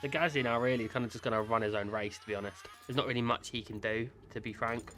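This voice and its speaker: A man giving excitable, chatty commentary while playing a racing management game, cheering his drivers on. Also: mid-range voice, fast, faint music behind. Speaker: gaming creator.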